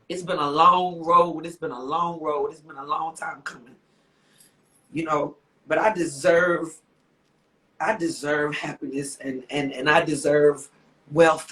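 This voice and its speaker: A woman's voice: deep voice, a bit bright. A woman singer and author, a guest on a live interview, speaking heartfelt and rambling, repeating herself with exclamations. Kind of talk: emotional livestream interview talk.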